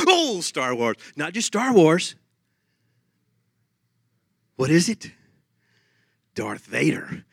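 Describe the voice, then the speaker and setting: A man preaching a lively sermon, humming tunes and laughing as he talks. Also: on the high side, very slow, vocal fry, long pauses, slightly rough, no echo, studio quality.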